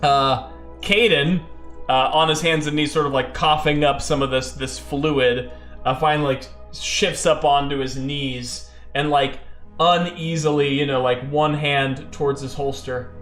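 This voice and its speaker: A man's voice: on the high side, fairly even intonation, measured pace, fairly bright tone, roomy sound, soft background music. A man narrating his own solo tabletop game in a loose, rambling way, full of fillers.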